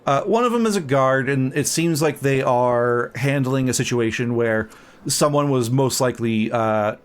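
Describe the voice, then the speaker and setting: A man narrating a tabletop game as game master, relaxed and hesitant, with many fillers. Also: medium pitch, moderate pace, clear, resonant tone.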